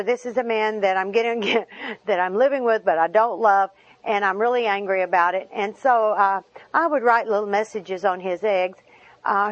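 A woman's voice: mid-range voice, dry recording. A woman giving a personal testimony talk to a group, folksy and wry with self-deprecating humor. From Arkansas. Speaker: speaker sharing her story with a group. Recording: dull lo-fi recording.

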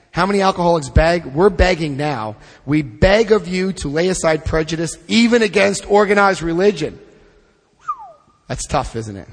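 A man's voice: a little high, long reverb tail. A man leading a twelve-step study group, reading passages aloud and adding blunt, joking asides. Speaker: recovery workshop leader.

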